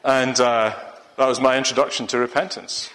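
A man's voice: mid-range voice, steady tone, normal speed, fairly bright tone, big-room sound. A man preaching a sermon, rambling and restarting his sentences often. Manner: rambling, with many restarts and fillers.

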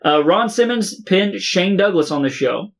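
High-voiced male co-host, halting reader, casual and profane. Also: lively intonation. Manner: reads results in a halting way with many uh fillers and swearing. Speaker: podcast co-host reading match results. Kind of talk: casual podcast chat.

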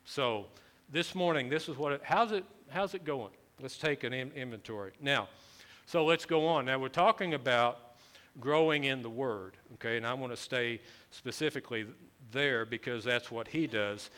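A man delivers a sermon in a bright, forward voice at a mid pitch. He talks to the congregation conversationally, asking questions and circling back to the same phrases. His intensity climbs as he presses each point. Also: normal speed. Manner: repetitive, building emphasis with rising intensity. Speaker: pastor.

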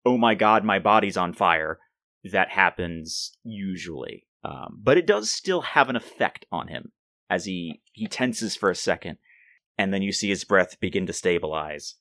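A man's voice: low-pitched, very animated, fairly bright tone, no room sound, studio quality. A man running a tabletop role-playing game as game master, narrating the action with frequent restarts. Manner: halting, restarts often while describing.

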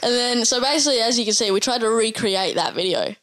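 A woman's voice: on the high side, fast, a bit bright. Sweary, squeamish woman. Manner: swears a lot, squeamish, laughing. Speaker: podcast co-host. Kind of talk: casual chat.

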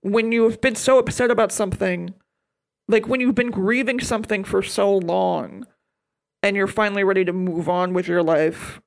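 A woman co-hosting a podcast at a middle pitch, effusive and playful as she gushes. Her talk is loose casual chat. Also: steady tone, normal speed, creaky. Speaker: podcast co-host.

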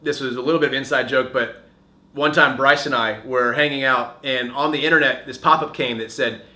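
A man's voice: medium pitch, steady tone, a little fast, sharp tone, roomy sound. A young man co-hosting a podcast, telling long rambling stories with a chuckle, in casual chat. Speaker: podcast co-host.

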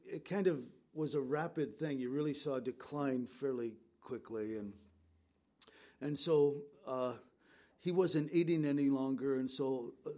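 A man's voice: mid-range voice, mellow. Middle-aged man pastor telling a story. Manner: conversational storytelling with fillers and restarts. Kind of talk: sermon.

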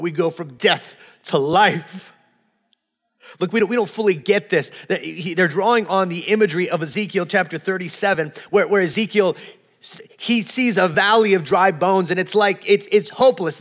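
High-voiced preaching man in echoing hall. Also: a little slow, fairly bright tone. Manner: earnest, emphatic preaching with frequent word repeats. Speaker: pastor. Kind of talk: sermon.

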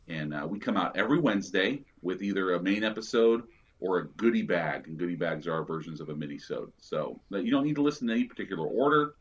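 A man guest on a podcast, chatting casually and rambling with lots of fillers. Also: deep voice. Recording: dull lo-fi audio.

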